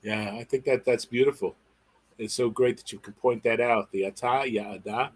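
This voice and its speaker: A man's voice: mid-range voice, steady tone, normal speed, breathy edge. A man hosting a livestreamed Bible study, affirming his co-teacher with enthusiasm and sounding out word rhythms. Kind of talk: casual livestream discussion.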